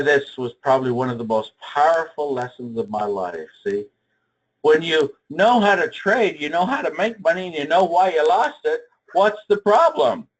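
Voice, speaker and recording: Older man telling a dramatic story. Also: muffled recording. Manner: dramatic storyteller, big swings in pitch and loudness. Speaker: trading seminar speaker. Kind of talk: live seminar storytelling.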